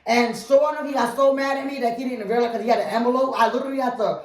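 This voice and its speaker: A woman's voice: fairly high pitch, fairly even intonation, rapid-fire, a little mellow, reverberant, distant mic. A woman vlogger telling a story in casual chat, rambling and talking straight to viewers. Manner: rambling, addresses viewers as "you guys".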